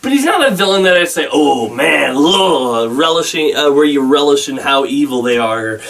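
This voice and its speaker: A man with a somewhat high voice talks through a film review in a loose, rambling way, stopping and restarting his sentences often. He sits a little back from the microphone, so his voice sounds slightly distant. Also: animated, a bit bright. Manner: rambling, halting, with many restarts and fillers. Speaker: movie reviewer. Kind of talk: casual spoken film review.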